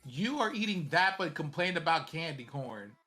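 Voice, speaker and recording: A man co-hosting a relaxed chat show with a bright, ringing tone. He talks in a playful, sassy way, teasing his friends as he goes. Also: on the high side, normal speed, faint music behind. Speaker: co-host. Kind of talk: casual podcast chat.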